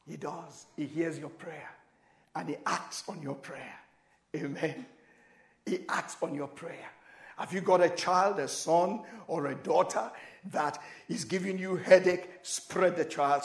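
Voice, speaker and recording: A man preaching a sermon, moving from quiet asides to sudden shouted prayers and dramatic voicing of scripture. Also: on the high side, roomy sound. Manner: switches between loud exclamations and quiet, intimate asides. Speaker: pastor.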